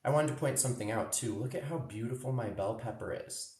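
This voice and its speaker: Recorded from a distance in an echoey room, a cooking instructor with a mid-range, slightly dark voice talks a little fast. He's running a live cooking demo for children, cheerful and chatty, tasting the food while he speaks.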